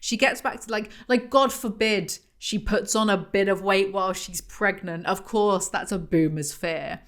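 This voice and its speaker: A woman's voice: mid-range voice, measured pace, fairly bright tone. A woman doing a comedic book review, with sarcastic, mocking asides between read-aloud passages.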